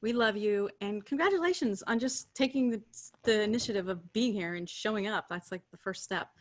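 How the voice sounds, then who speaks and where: A woman hosting a casual spiritual chat, speaking in a warm, affirming way with frequent fillers. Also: mid-range voice, fairly quick. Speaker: host.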